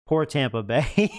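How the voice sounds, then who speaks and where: A man chatting casually on a livestream, often breaking into laughter as he talks. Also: mid-range voice. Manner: giggly, laughs through his words. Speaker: live streamer.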